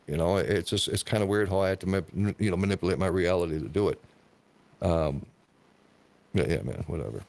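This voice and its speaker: Podcast host, male, lower voice, profane and emphatic in casual talk. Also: a little fast, creaky, a little mellow.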